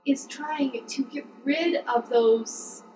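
High-voiced chatty woman, roomy sound. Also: slow pace, a little mellow, distant mic, faint music behind. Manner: chatty, explanatory, laughs often. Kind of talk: casual conversational chat.

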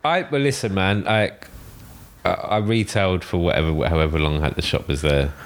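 A man hosting a casual chat, encouraging and quick to agree. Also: deep voice.

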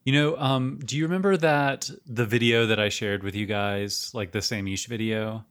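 A man's voice: fairly low pitch, normal speed, clear, resonant tone. A man co-hosting a casual podcast, chatting and encouraging the others. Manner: lively, encouraging back-channel. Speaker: podcast co-host.

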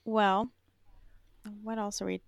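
A woman's voice: mid-range voice, flat delivery, slow, gravelly, smooth, no echo. A woman co-hosting a podcast in casual chat, hesitant and wry, with lots of fillers. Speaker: podcast co-host.

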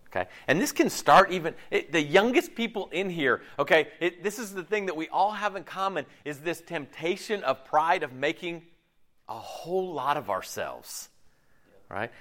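A middle-aged man preaching a casual, conversational sermon, chatty and animated, with slangy asides and frequent restarts. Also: a little high. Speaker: pastor.

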